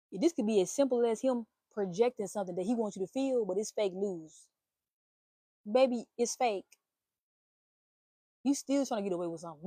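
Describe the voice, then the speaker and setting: Animated, blunt woman with a mellow voice. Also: medium pitch, dry recording. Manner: animated, swearing, playful exclamations. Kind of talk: casual spiritual reading monologue.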